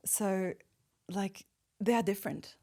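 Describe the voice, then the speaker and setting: A woman whose first language is Polish, hosting a podcast and asking a guest questions in relaxed conversation. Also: medium pitch, slow. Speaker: podcast host. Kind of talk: casual interview chat.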